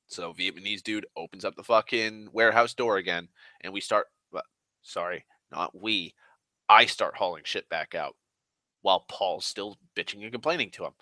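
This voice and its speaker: A man's voice: low-pitched, moderate pace, bright, forceful tone, no echo. A young man telling a long profane story in an exasperated rant, often slipping into other people's voices.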